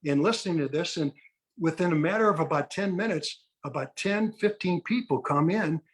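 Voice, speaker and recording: A man's voice: fairly high pitch, moderate pace, breathy edge. A man in his sixties, a retired ball player, telling anecdotes and acting out the people he quotes. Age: 60s. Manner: lively storyteller who acts out the people he quotes. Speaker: guest, retired baseball pitcher. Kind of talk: anecdotal storytelling.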